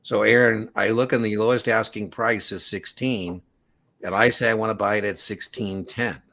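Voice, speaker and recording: A man with a fairly low voice leads an exam prep class. He explains things casually and leans on everyday analogies to make his points. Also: fairly even intonation, moderate pace, gravelly, fairly bright tone. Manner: casual explanatory, uses analogies and acted quotes.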